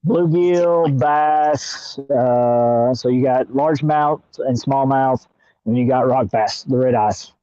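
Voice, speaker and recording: Man, American accent, playful, easygoing, warm dark tone, dull lo-fi audio. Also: medium pitch, slow pace, clear, resonant tone, no room sound. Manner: easygoing and playful, laughs along. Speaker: fishing channel host. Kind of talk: casual chat.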